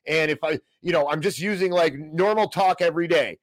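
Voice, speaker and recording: A man hosting a live stream, venting in a folksy, rambling rant and often tripping over his own restarts. His voice sits on the high side and sounds dry and close, with no room echo. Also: a little fast. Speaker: podcast host. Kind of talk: casual ranting live stream commentary.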